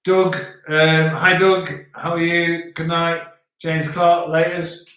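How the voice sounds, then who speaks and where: A man's voice: a little high, level tone, slow, sharp tone. Chatty man in an echoey room. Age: middle-aged. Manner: reads out viewer comments, chatty, tries French words. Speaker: livestream host. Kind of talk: casual live chat. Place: home, indoors.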